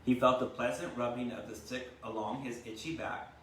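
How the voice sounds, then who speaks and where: A man's voice: mid-range voice, steady tone, normal speed, a bit bright, distant mic, a little hiss or hum. Male teacher reading a storybook to kids at home, chatty, stops to explain words; echoey room, mic well back. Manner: chatty, explains words, tags lines with "right?". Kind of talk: reading a storybook aloud to a class. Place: home kitchen.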